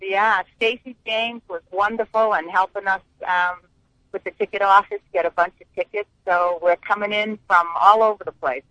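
A woman phones in to a sports talk show, chatting cheerfully and easily. Her voice is bright and forward. The sound is dry and close. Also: medium pitch, fairly even intonation, normal speed, dry recording, rough recording. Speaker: caller, fan club organizer. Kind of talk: casual phone-in chat.

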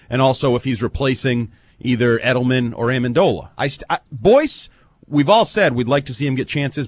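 A man co-hosting a sports talk radio show, animated, rambling and wry as he breaks down football. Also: medium pitch, no echo. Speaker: co-host and football analyst.

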